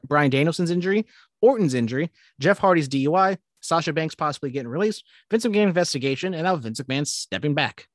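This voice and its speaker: A man's voice: a little high, no echo, studio quality. A young man co-hosting a podcast in casual chat, rambling with many restarts and casual swearing. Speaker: podcast co-host.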